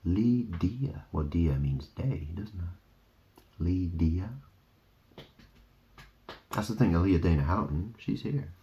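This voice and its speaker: Slow, deep-voiced man rambling. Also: lively intonation, warm tone, a little hiss or hum. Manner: rambling, wandering wordplay, trailing off. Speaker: vlogger. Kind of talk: rambling monologue. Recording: dull lo-fi recording.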